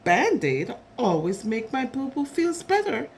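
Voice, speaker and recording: A woman voicing a helpful male fox who offers a bandage with calm confidence. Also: high voice, unhurried, a little hiss or hum, exaggerated voice. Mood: reassuring.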